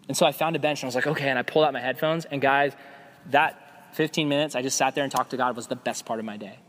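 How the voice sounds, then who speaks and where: A young adult man preaching a casual sermon as a youth pastor, conversational and animated, acting out quoted voices. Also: mid-range voice, fast talker. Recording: long hall reverb.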